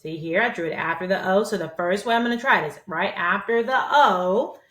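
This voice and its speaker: A woman's voice: mid-range voice, a little fast, a bit bright, recorded from a distance. A woman teaching phonics to young children, stretching out sounds and heaping on praise in a sing-song way. She sounds set back from the microphone, and her voice bounces around an echoey room. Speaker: reading teacher. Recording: roomy echo, speaker away from the mic.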